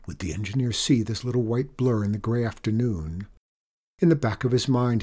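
A man reading a story aloud in an even, measured storytelling manner. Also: on the low side. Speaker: narrator. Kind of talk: audiobook narration.

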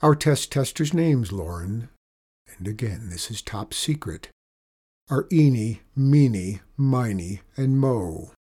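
A secretive army colonel from a storybook, with clipped military phrasing and an official tone, read by a man. The voice sits mid-range and sounds a little husky. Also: medium pitch, expressive, slow pace, dark tone.

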